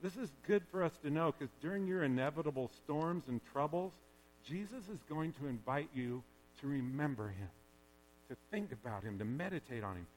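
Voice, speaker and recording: A man preaching a sermon in a chatty, joking way that drops now and then to quiet, earnest passages. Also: on the high side, animated, normal speed. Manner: conversational and joking, with sudden quiet stretches. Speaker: pastor. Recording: long hall reverb with faint hum.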